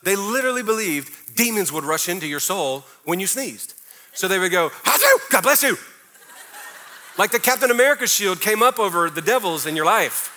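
A middle-aged male pastor preaches with a high, bright voice. He talks to his congregation in an emphatic, conversational way, often tossing in playful mock prayers. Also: expressive, a little fast, slight background noise. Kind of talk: sermon.

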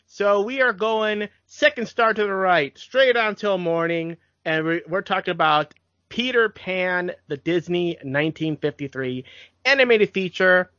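A man's voice: high voice, measured pace, sharp tone, dry recording, highs cut off. A young adult man co-hosting a podcast, rambling a little with restarts as he talks film history. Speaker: podcast co-host. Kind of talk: casual chat.

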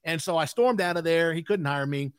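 A man's voice: on the high side, fairly quick, smooth, no room sound. A man in his sixties, a podcast guest telling a candid story in an emphatic way with frequent asides.

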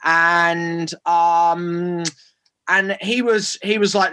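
A man's voice: a little high, slow pace, bright, forceful tone. Chatty man, lots of restarts. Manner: rambling, many restarts and fillers. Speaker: film director. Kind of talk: casual interview answers.

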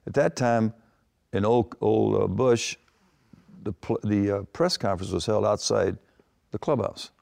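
A man's voice: lowish voice, unhurried, vocal fry, a little mellow. An older man, a former baseball manager, telling long rambling anecdotes in an interview, with frequent restarts. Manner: rambling anecdotes with many restarts and acted quotes. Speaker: retired baseball manager, guest. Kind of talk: storytelling interview answers.

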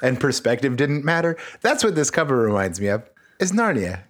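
A man hosting a comedic book-reading podcast with a lively, swinging delivery. He jokes freely and lets his asides drop into quiet mumbles. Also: medium pitch, fairly quick, slight background noise. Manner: animated, joking, drops to mumbled asides. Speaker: podcast host.

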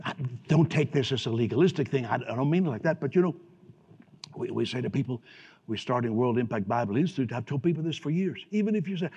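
A pastor preaches emphatically to his congregation in a large church hall, often repeating and restarting his words. His medium-pitched voice is fast, lively, dark, and a little breathy, and the dull recording carries long hall reverb.

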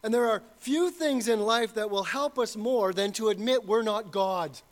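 A middle-aged male pastor with a fairly high voice delivers a sermon. He is earnest, letting some phrases fall soft and low and pressing others with rising force. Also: moderate pace. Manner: earnest, swings between quiet and emphatic.

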